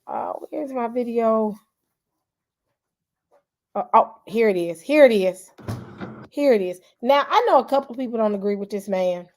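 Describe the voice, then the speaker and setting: A woman's voice: fairly high pitch, a little slow, pauses often. Chatty black lady in her 40s, hosting a casual livestream, keeps saying y'all. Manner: chatty and animated, calls out to viewers, frequent "y'all". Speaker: YouTube channel host.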